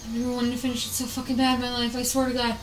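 A woman gaming on camera, swearing and venting frustration at the game as she plays, often breaking into shouts. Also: a little high, completely flat delivery, rapid-fire, echoey room, soft background music, poor audio. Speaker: gaming YouTuber. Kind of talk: casual let's play commentary.

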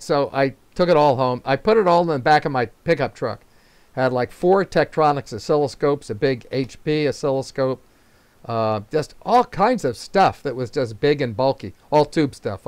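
An older man swaps stories at a club meeting over a video call, rambling from one anecdote to the next with chuckles and fillers. His voice sits at a middle pitch, and the sound is dry, close, and free of any room echo. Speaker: invited speaker. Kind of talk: casual storytelling at a club meeting.

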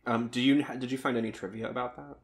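A man's voice: mid-range voice, steady tone, quick pace. A man co-hosting a podcast in casual chat, rambling and sometimes losing his train of thought. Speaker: podcast co-host.

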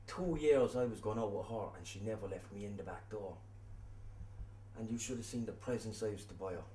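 An actor with a Cork accent playing a hot-tempered young jilted boyfriend who swears constantly. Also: male voice, lowish voice, a little fast, dark tone, lightly acted. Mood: rueful. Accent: Cork Irish. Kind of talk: film acting.

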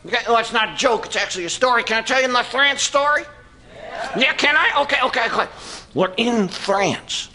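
In a noisy comedy club, a man performs a stand-up ventriloquist act, voicing a brash, cheeky redneck dummy with a Southern US accent who hollers and whoops. The voice is very high, animated, brisk, bright and forceful, heavily acted.

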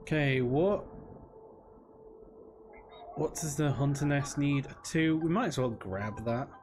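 A man's voice: a little high, slow pace, darkish tone, faint music behind. Man musing through a game stream. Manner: musing, thinking aloud with fillers. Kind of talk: casual let's-play commentary.

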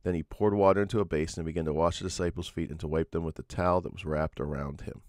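Male pastor, deep voice, earnest teaching sermon with restarts, dry sound. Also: fairly even intonation, fast talker, darkish tone, dry recording. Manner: earnest, explanatory, with frequent fillers and restarts.

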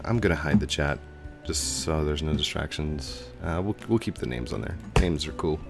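A man casually commentating a video game he plays, goofing around with silly sound effects and sudden high yelps. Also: moderate pace, vocal fry, hardly any pauses, soft background music. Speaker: gaming YouTuber. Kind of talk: casual let's-play commentary.

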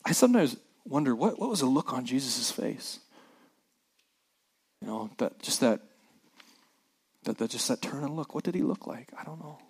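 A man preaching a sermon as a pastor, reading scripture with lively acted-out voices and dropping quiet for the somber parts. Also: medium pitch, normal speed, long pauses, breathy edge. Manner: animated preacher who acts out scripture voices, dropping soft for somber moments.

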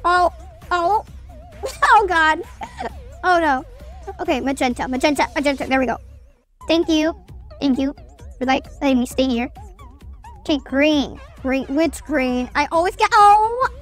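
A young woman chatting excitably and mocking herself while commentating a game. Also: high voice, unhurried, pauses often, soft background music. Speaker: gaming streamer. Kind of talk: casual gameplay commentary.

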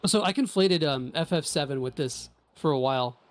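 A high-voiced man bantering with friends over a game stream. He talks in excited bursts, teasing and swearing casually as he plays. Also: normal speed, faint music behind. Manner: excitable, joking, profane. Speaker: streamer playing an RPG with friends.

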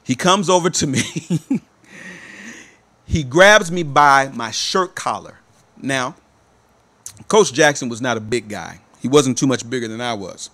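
A man's voice: medium pitch, animated, a little slow, long pauses, bright, forceful tone. A man telling a personal story to his viewers, speaking emphatically and repeating that he is telling the truth. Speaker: motivational speaker.

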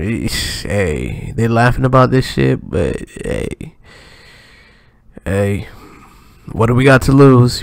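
A man hosting a casual reaction stream, excitable and profane, laughing often between comments. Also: on the low side, gravelly, no room sound, clean studio sound. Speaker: reaction channel host.

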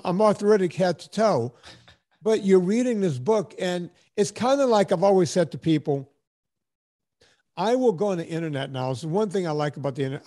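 A fifties-aged podcast host with a voice that sits a little high for a man. He rambles through his stories in a relaxed, chatty way, jumping into lively impressions whenever he quotes someone. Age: 50s. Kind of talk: casual storytelling chat.

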